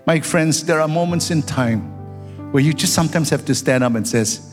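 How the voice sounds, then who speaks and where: A man's voice: on the high side, moderate pace, over music. Male pastor preaching in a reverberant church. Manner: storytelling preacher, rising into fervent prayer. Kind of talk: sermon. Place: church sanctuary.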